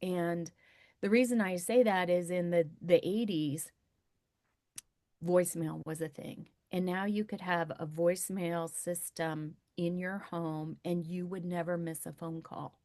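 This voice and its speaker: A woman's voice: fairly low pitch, fairly even intonation, a little slow, a little mellow, dry recording, clean studio sound. A woman in her fifties, a podcast guest talking in an emphatic, conversational way and repeating key points for weight. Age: 50s. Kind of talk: conversational interview.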